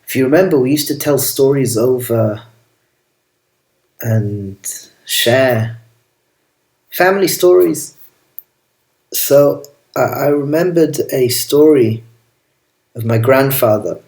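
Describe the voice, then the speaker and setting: A man, a rabbi, telling a family story as a gentle, affectionate sermon that mixes in Hebrew and Yiddish terms. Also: mid-range voice, lively intonation, slow, pauses often. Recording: roomy echo.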